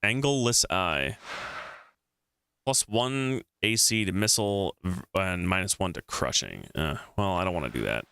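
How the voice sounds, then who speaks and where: A man's voice: low-pitched, lively intonation, a little slow, gravelly, bright, forceful tone, smooth, no echo, studio quality. A man streaming a game, casually thinking aloud and reading the text on screen.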